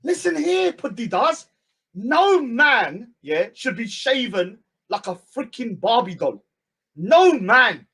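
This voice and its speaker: A man runs a live stream in a high, mocking voice. He rants, jumping from loud shouts to low mutters as he goes. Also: very animated, slow pace, creaky, breathy edge. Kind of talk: ranting live-stream commentary.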